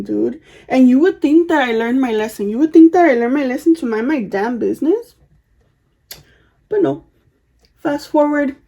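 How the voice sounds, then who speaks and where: A woman's voice: on the high side, a little mellow. This is a young woman vlogging from home while she gets ready. She rambles through her stories with plenty of "like" and "um" and drops casual swear words. Her voice sits slightly above the usual range for a woman. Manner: chatty, swears freely, lots of fillers and asides. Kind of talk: get-ready-with-me storytelling.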